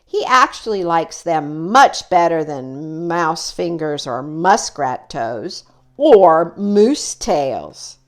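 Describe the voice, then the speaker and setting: A gentle mother moose from a children's storybook, as a woman puts her on. She talks in a soothing, motherly way, set higher than the reader's own voice. Her pitch swings widely. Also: sing-song, slow pace, heavily acted.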